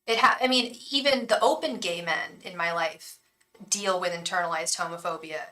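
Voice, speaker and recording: A woman's voice: on the low side, normal speed, pushed and bright, distant mic, low-quality recording. A woman giving a live-streamed tarot reading, talking in a frank, chatty way and swearing casually. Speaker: tarot reader and psychic.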